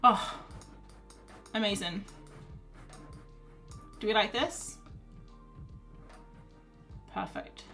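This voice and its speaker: A woman's voice: mid-range voice, extremely slow, vocal fry, long pauses, sharp tone. Chatty woman streamer, faint music behind. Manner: chatty, self-deprecating, thinks aloud while reading chat. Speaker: art streamer. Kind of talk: casual livestream chat.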